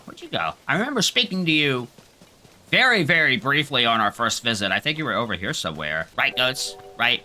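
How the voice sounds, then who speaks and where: A man's voice: medium pitch, very animated, moderate pace, bright, forceful tone. A man giving casual gameplay commentary as the video host, rambling and joking with bits of swearing.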